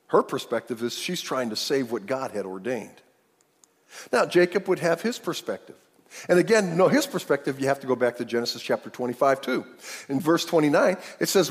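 Animated male preacher in a reverberant hall. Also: on the high side, brisk, breathy edge. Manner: animated, acting out the characters. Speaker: pastor. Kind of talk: sermon storytelling.

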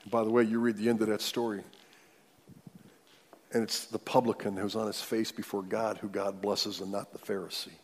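Male pastor, sermon delivery, dynamic swings from booming to whispered, long reverb. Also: little pitch movement, moderate pace, husky. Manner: dynamic preaching, swings from loud declarations to near-whispers.

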